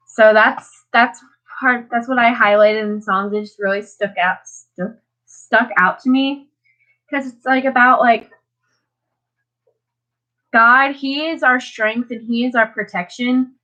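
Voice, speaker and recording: A woman's voice: fairly high pitch, steady tone, slow, pauses often, pushed and bright. A tired teenage girl on a live stream, reading Bible passages and chatting about them casually, full of "like"s and restarts. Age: teens. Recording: dull lo-fi audio.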